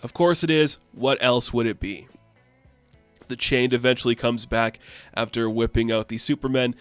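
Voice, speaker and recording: A man's voice: mid-range voice, a bit bright, smooth, no room sound. A man in a casual, chatty comic book recap who loosely paraphrases the characters' lines.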